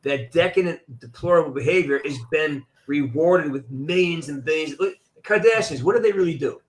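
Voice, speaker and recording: A male talk show host with a somewhat raised voice. He rambles in a loose, halting way, breaking off and restarting his sentences as he chats casually with his guests. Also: on the high side.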